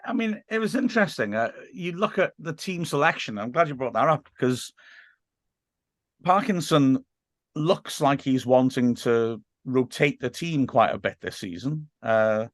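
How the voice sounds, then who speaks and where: A man's voice: medium pitch, lively intonation, a little slow, dry recording, clean studio sound. Jokey man co-hosting a football podcast. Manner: jokey, self-mocking, laughs often. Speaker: podcast co-host. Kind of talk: casual football chat.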